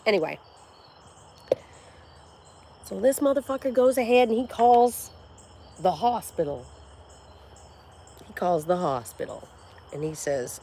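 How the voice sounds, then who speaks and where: A woman's voice: medium pitch, a little slow, long pauses. A woman in her forties, chatting casually on a livestream, blunt and profane, telling stories with animation. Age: 40s. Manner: animated storyteller. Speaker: livestream host.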